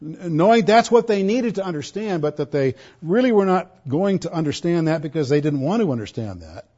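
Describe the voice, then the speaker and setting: Male pastor, higher-pitched, emphatic sermon delivery with loud-soft swings; muffled lo-fi audio. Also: expressive, a little fast. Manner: emphatic, swinging between loud stresses and quiet asides. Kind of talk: expository sermon.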